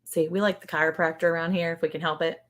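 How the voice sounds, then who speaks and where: A woman's voice: deep voice, level tone, fast talker. A middle-aged woman co-hosting a casual live stream. She chats in a bubbly way, laughs often and reads viewer comments aloud. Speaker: co-host of a ranch livestream.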